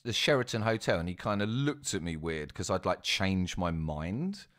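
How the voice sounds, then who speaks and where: A man's voice: low-pitched, very animated, unhurried, fairly bright tone. A young man telling a casual story, chatty and self-mocking, with asides to his listeners. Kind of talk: casual spoken anecdote.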